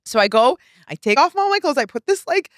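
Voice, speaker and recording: A woman in her thirties, telling personal stories in a candid podcast chat, animated and swearing, acting out relatives' lines. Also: sits high, a little fast, dry recording, studio quality. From Pakistani-American. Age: 30s. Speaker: guest.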